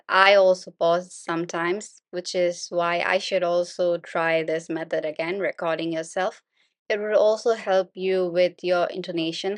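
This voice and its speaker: Slow, patient woman teaching speaking. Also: on the low side, no echo. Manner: steady, continuous explaining, polite and patient. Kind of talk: unscripted spoken lesson.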